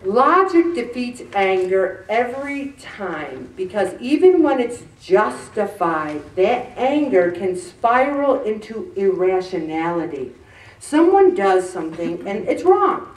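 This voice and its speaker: A woman giving an animated, joking, self-deprecating faith talk to a group. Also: medium pitch, takes it slowly. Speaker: speaker addressing a group. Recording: echoey room, mic at a distance.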